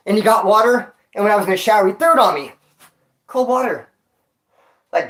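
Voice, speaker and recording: A man's voice: sits high, lively intonation, a little fast, long pauses, a bit bright. A man telling stories on a casual vlog into his phone, winded after exercise, talking street slang and calling the listener dog and homie. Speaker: vlogger.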